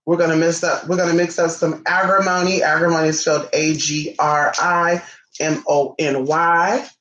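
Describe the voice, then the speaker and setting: A little high and pushed bright, this man's delivery is flat at a moderate pace. He hosts a live ritual tutorial with flamboyant sass, calling viewers honey and answering their comments from an echoey room.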